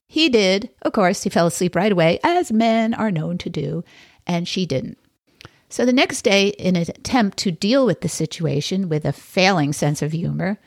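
A woman podcast host tells a story in a casual, chatty way and breaks off for wry asides. Her voice is lowish with a gravelly fry, and the sound is dry and close. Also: darkish tone, no echo.

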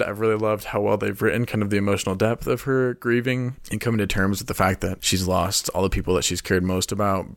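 A man's voice: lowish voice, creaky, no echo, clean studio sound. A young man co-hosting a podcast, talking in a playful, rambling, joking way as he shares his theories. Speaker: podcast co-host. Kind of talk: casual chat.

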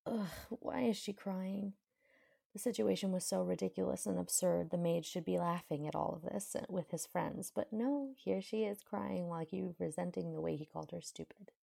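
A woman's voice: lowish voice, a little fast, creaky, hardly any pauses, dark tone. A woman reading fan fiction aloud, narrating the story in a plain manner. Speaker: audiobook reader.

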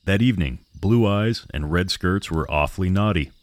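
A man narrating a horror story for a podcast in a measured, steady way. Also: low voice, no room sound.

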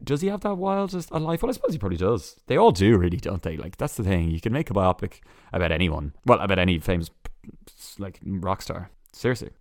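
A man hosting a solo entertainment news podcast, chatty and sarcastic, full of quick asides and restarts. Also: low-pitched, very animated, no echo, studio quality. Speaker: podcast host.

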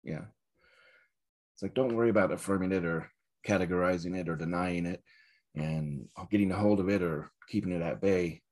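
Low husky-voiced Zen teacher, reflective. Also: male voice, moderate pace. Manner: reflective and searching, with soft laughs. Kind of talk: dharma talk.

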